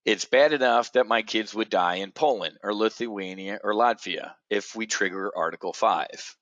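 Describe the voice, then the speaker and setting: A middle-aged man hosting an options trading show, ranting in a blunt, profane, sarcastic way that swings from low muttering to loud outbursts. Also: normal speed, no echo, dull audio. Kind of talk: ranting monologue.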